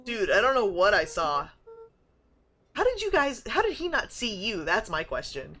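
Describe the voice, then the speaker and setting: A young woman streaming a story game, reading it aloud and reacting with loud swearing and excited shrieks. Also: mid-range voice, normal speed. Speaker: streamer playing and voicing a game. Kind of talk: casual gameplay commentary with voiced reading.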